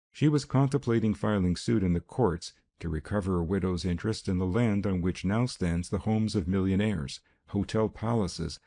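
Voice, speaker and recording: Man voicing detective professor, calm, measured, low dark voice, audiobook. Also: creaky.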